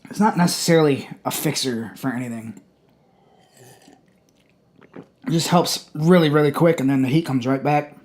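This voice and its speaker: A man casually reviewing a hot sauce on his channel, blunt and profane, with loud exclamations. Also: fairly high pitch, moderate pace, long pauses.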